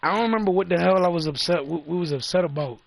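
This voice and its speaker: A man's voice: high voice, very fast, creaky, no echo. A man telling a loose, profane story in a casual vlog, often repeating himself. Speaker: vlogger.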